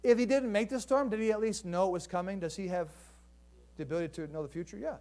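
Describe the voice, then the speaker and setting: Pastor guy with a high voice, chatty sermon, lots of "right?" questions to the congregation. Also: fast talker, darkish tone. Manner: conversational, asks the congregation rhetorical questions.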